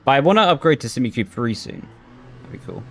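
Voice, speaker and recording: A man's voice: mid-range voice, very animated, quick pace, a bit bright, a little hiss or hum. A young man chatting casually on a sim racing livestream, thinking aloud as he sets up his rig. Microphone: headset.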